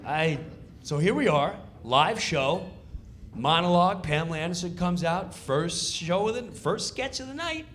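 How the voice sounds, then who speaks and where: A man telling a stand-up comedy story in an animated, punchy way, acting out the scenes. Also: fairly high pitch, measured pace.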